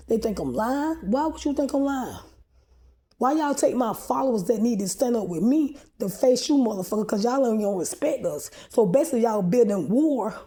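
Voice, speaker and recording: Agitated woman ranting, profane and mellow-toned. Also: on the high side. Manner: repeats and restarts words under pressure. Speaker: vlogger posting a video. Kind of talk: rambling monologue to camera.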